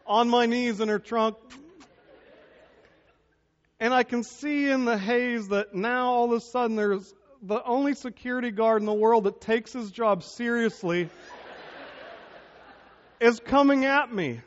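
A male pastor preaching a sermon, telling a humorous personal story in an animated way before drawing out its lesson. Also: very high-pitched, a little slow, pauses often. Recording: dull lo-fi sermon recording.

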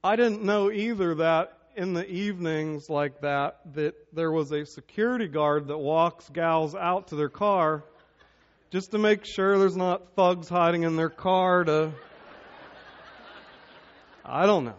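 A male pastor preaching a sermon, telling a humorous personal story in an animated way before drawing out its lesson. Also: fairly high pitch, unhurried. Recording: dull lo-fi sermon recording.

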